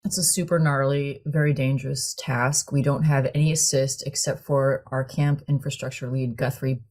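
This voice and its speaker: A woman with a low voice tells a story to a small group in conversation. She is animated and laughs often as she goes. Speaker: choir director.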